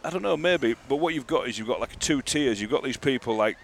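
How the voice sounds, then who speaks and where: A man's voice: mid-range voice, expressive, brisk, gravelly, slight background noise. A man co-hosting a podcast, rambling through his points and often checking whether he is understood. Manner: rambling, asks for agreement. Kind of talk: casual podcast chat.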